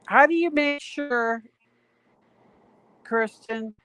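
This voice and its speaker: A woman's voice: fairly high pitch, a bit bright, clean tone, no room sound, low-quality recording. A woman co-hosting a casual late-night livestream, chatting and reading viewer comments aloud. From Canada. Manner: chatty, drawn-out, reads chat aloud. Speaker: stream co-host.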